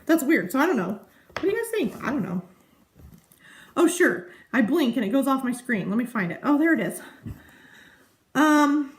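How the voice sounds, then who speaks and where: Casting: woman, 30s, rambling vlogger voice, a bit high, roomy echo. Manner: chatty, rambling, easily sidetracked. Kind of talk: casual chat to camera. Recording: echoey room.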